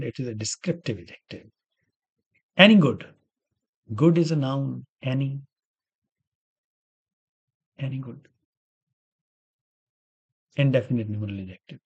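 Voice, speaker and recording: A man's voice: medium pitch, a little slow, gravelly, long pauses, a little mellow, husky, highs cut off. Guy going thru grammar rules, asks himself questions then answers, repeats words a lot. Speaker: English grammar teacher. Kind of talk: explaining grammar examples step by step.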